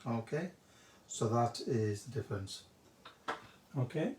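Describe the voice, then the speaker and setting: A man's voice: medium pitch, expressive, takes it slowly, darkish tone. Chatty man demoing crafts in an echoey room. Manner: chatty, greets viewers by name while working. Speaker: craft shop host demonstrating a technique. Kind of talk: live craft demonstration. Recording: echoey room, faint background noise.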